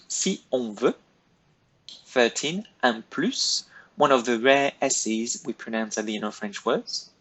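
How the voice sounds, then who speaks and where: A man's voice: medium pitch, pushed and bright, poor audio. A man teaching a recorded French lesson, giving patient, step-by-step instructions to pupils. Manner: patient, step-by-step, clearly paced directions to pupils.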